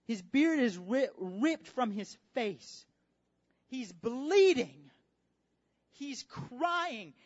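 A preacher delivering a dramatic sermon, repeating phrases for emphasis and swinging from hushed tones to shouts, recorded at a church service. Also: mid-range voice, sing-song, very slow. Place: church service with worship team. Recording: dull lo-fi audio with faint music.

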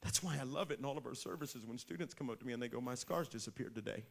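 A man preaching a sermon, swinging from shouted lines to hushed whispers. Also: mid-range voice, rapid-fire, gravelly.

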